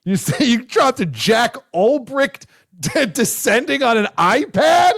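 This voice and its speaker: A male show host interviewing a guest, loud and excitable, sometimes shouting his praise. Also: very high-pitched, slow, creaky. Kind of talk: casual interview chat.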